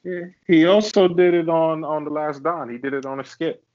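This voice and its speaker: Joking man with a slightly high voice. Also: steady tone, moderate pace, darkish tone, no room sound, dull audio. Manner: joking, teasing. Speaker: podcast co-host. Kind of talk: casual chat.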